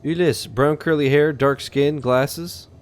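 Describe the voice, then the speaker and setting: A man's voice: a little high, fairly even intonation, slow pace, faint music behind. A man voicing a polite, inquisitive young woman searching for a missing friend. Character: curious young woman detective heroine, polite.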